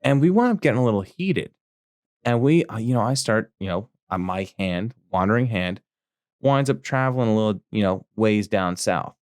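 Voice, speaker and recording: A man co-hosting a podcast tells a crude, rambling story full of fillers, acting out quotes in a raised voice. His voice sits on the low side and sounds smooth and clear. The mic is close and dry. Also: expressive, normal speed, darkish tone, no room sound. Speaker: podcast co-host. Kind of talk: casual podcast chat, storytelling.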